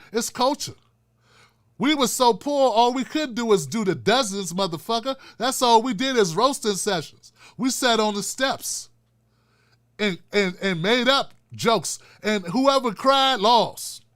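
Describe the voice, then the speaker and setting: A somewhat bright, extremely high voice belongs to an older man hosting political commentary. He launches into a fiery, profane rant that carries a preacher's cadence.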